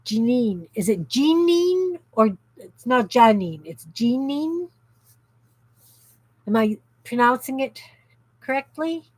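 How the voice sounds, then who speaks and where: Working in her craft room at home, this Canadian woman runs a chatty livestream and reads out comments from viewers. She speaks on the high side and a little slowly, captured in a rough recording.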